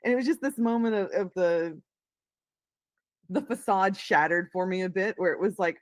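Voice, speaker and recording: A woman's voice: on the low side, moderate pace, no echo. A middle-aged woman guest telling a story in a casual interview, acting out the voices she quotes.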